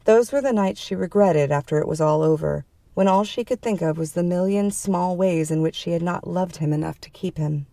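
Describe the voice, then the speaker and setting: A woman reads a dark fantasy story in a measured, even narration. Her voice is lowish and mellow. The recording is dry and close. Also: gravelly, no room sound.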